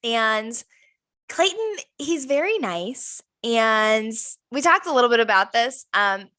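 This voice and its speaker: A young woman co-hosting a chatty podcast. Her voice is bright and a little high, and she tells a story with lots of energy, acting out each person's lines. The sound is close and dry. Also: slow, no echo. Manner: animated storytelling, acts out quoted dialogue. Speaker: podcast co-host. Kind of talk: casual chat.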